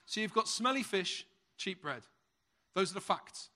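Man, British accent, preacher, sermon, funny storyteller, high bright voice. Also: a little slow. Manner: humorous, lively storyteller.

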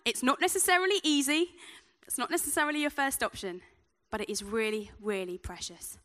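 A woman's voice: sits high, fairly quick, fairly bright tone. A woman preaching a sermon in a chatty, self-deprecating way, telling personal stories.

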